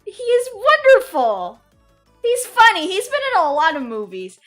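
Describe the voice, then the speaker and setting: High, bright excitable woman streamer. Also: measured pace, soft background music. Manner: excitable, swears and scolds chat loudly. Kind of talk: casual live-stream chat.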